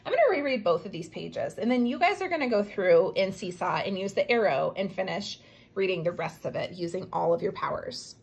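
A woman teacher giving a remote reading lesson to young children, encouraging them and slowly sounding out words. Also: medium pitch, expressive, vocal fry, darkish tone, breathy edge.

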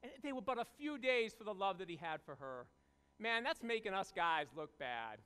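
High-pitched, bright-voiced male preacher. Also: moderate pace, clear, resonant tone. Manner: animated storytelling, acting out voices. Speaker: pastor. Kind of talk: sermon. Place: church sanctuary.

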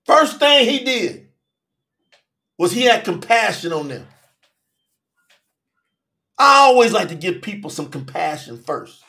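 A man preaching in a strikingly high voice. His tone is bright and forceful. He talks in an emphatic, colloquial way and keeps turning to the congregation with direct questions. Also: sing-song, takes it slowly, gravelly, long pauses. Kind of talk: sermon.

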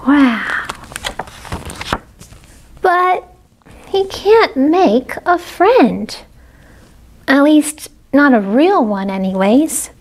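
A woman librarian reading a picture book aloud to children. Her high voice swoops widely with animated expression. She takes her time, drawing out each phrase slowly. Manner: animated, talks to kids between pages. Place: public library.

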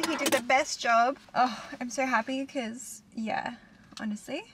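A woman's voice: high voice, steady tone, a little slow. Upbeat Australian woman vlogging. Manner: chatty, upbeat, gushing. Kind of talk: casual vlog chat to camera. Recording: clear background noise.

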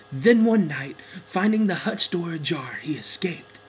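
A man narrating a children's storybook in a gentle, expressive way. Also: on the high side, measured pace, few pauses, slight background noise, low-quality recording.

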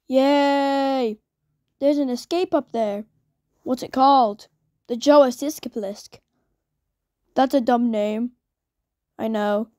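A very high, squeaky woman's voice doing goofy cartoon characters with a lot of shrieking. She speaks slowly and drags her words out. The sound is close and dry, with music playing underneath. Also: a little mellow, dry recording. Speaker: animator voicing cartoon characters. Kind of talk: homemade cartoon voice acting.

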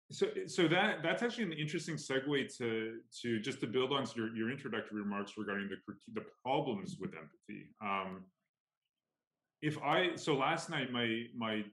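A man's voice: on the low side, fairly bright tone, echoey room, poor audio. A man interviewing a guest at a conference, speaking hesitantly with many restarts.

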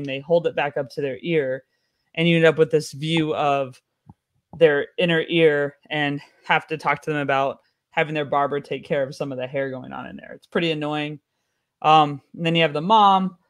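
American man, stand-up comedian, slightly high voice, wry offhand delivery. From United States.

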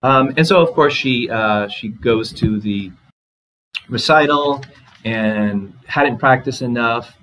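A man giving a literature lecture in a relaxed, conversational way, reading short passages aloud and commenting on them. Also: medium pitch, slow, slight background noise, rough recording. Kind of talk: recorded lecture.

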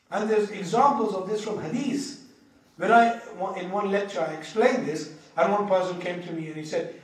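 A man preaches in a fairly high voice. He tells stories with animated, acted-out quotes. His voice rings through a very echoey hall, picked up from some distance away. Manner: animated storyteller who acts out quoted voices and laughs. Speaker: Islamic teacher. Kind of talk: sermon with told anecdotes.

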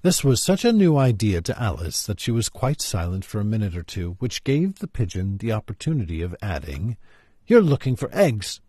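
A man reads a children's story aloud with a husky voice and a widely moving pitch. His tone is mid-range and expressive. The sound is dry and close, with no room echo. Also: brisk, few pauses. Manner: lively, expressive reading. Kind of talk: reading a children's classic aloud on a live stream.

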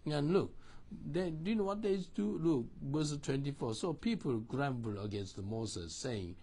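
Man, pastor, husky voice, lively rising and falling pitch, call-and-response sermon. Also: unhurried. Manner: animated, call-and-response preaching in non-native English.

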